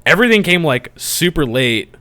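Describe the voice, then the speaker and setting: Animated young man telling a story. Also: a little high, moderate pace, smooth. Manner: animated storyteller who swears, laughs and gets worked up. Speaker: podcast co-host. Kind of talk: casual podcast chat.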